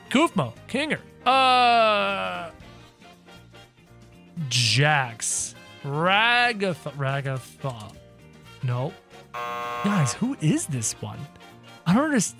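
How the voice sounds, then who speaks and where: A man hosting a gaming video, giving excited play-by-play commentary and talking straight to his viewers, often acting scared. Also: high voice. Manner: excitable, talks to viewers as guys, mock-scared.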